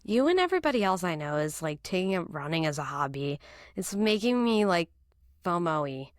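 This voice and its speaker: A woman's voice: lowish voice, very animated, normal speed, smooth, no room sound, studio quality. Bubbly young woman hosting a podcast. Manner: bubbly, laughs often. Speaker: podcast host. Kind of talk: casual chat. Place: home, in Boston.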